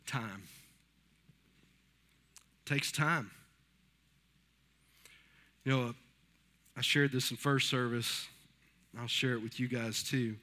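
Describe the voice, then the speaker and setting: A man's voice: medium pitch, fairly even intonation, takes it slowly, pauses often, sharp tone. A pastor in his fifties giving a conversational sermon in church, telling stories and acting out what others said. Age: 50s. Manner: conversational, storytelling with quoted voices. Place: church sanctuary.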